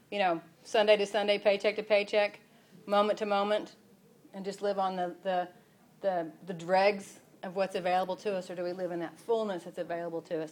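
A woman leading an informal Bible study, emotional, moving between soft asides and loud exclamations. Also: medium pitch, reverberant.

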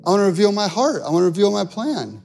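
A man's voice: high voice, sing-song, quick pace, creaky, darkish tone, faint music behind. A male pastor preaching a sermon in an earnest, conversational way.

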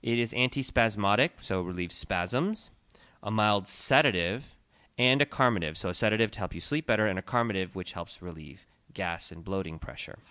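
A man's voice: lowish voice, expressive, brisk, pushed and bright, no room sound. A man co-hosting a casual podcast chat, steadily explaining the uses of an herbal tea and listing its properties. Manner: explanatory, lists facts steadily. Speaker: podcast co-host, tea shop owner.

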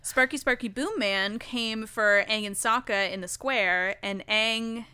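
A woman's voice: a little high, unhurried, pushed and bright, smooth. A woman co-hosting a podcast, casually recapping episodes with lots of ums, likes and swearing. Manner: loose and profane, many ums and likes. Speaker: podcast co-host.

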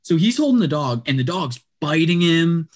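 A man telling a long story in casual chat, animated and acting out what people said, with lots of "like" and quick restarts. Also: fairly high pitch. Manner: animated, acts out quotes, lots of "like".

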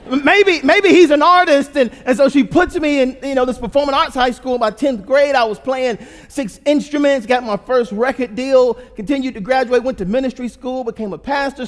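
A man in his thirties, a pastor telling a humorous story in a sermon and asking the audience questions. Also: very high-pitched. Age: 30s. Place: church auditorium. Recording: long hall reverb.

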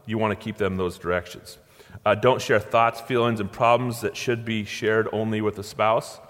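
A man's voice: lowish voice, fairly even intonation, moderate pace, fairly bright tone. A middle-aged man preaching in a conversational way, acting out quotes with a playful touch. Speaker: pastor. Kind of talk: sermon. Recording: long hall reverb.

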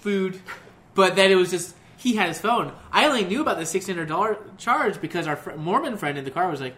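A man's voice: sits high, a little fast. A young man casually telling a long story, swearing and laughing a lot. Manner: profane, laughs often, animated.

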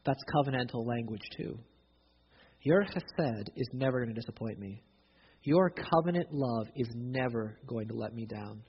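A man's voice: medium pitch, brisk, a little hiss or hum. A man preaching a sermon, emphatic, often restarting his phrases. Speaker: pastor. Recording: dull recording, long hall reverb.

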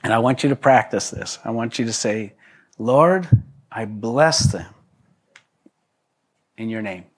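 A man's voice: medium pitch, expressive, a little slow, long pauses. Chuckling man preaching a casual sermon. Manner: joking asides, chuckles, frequent restarts. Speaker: pastor. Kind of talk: conversational sermon.

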